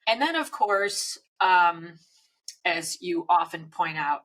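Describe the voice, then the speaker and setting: A woman co-hosts a business podcast in a relaxed, conversational way, spinning workplace anecdotes with plenty of fillers. Her voice sits a little low but sounds bright and forward. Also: takes it slowly, low-quality recording. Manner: storytelling, chatty with frequent fillers. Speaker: podcast co-host.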